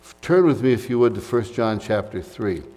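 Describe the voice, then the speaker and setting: A man from the United States delivers a Sunday sermon in a fairly low voice. He talks in an easy, conversational way, with fillers and asides between points. His voice rings out with the long reverb of a large church hall. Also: lively intonation, normal speed, a little mellow. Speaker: pastor.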